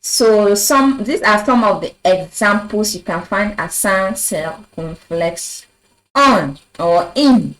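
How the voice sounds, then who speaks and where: A woman teaching a French lesson at a board, explaining slowly and asking her viewers rhetorical questions. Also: mid-range voice, animated, fairly bright tone, low-quality recording. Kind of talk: video language lesson. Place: in front of a board.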